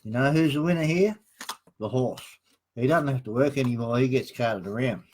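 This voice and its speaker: A man's voice: medium pitch, moderate pace, darkish tone, low-quality recording. Dry-joking man with faint hiss. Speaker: co-host reading viewer comments. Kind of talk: casual live-stream chat.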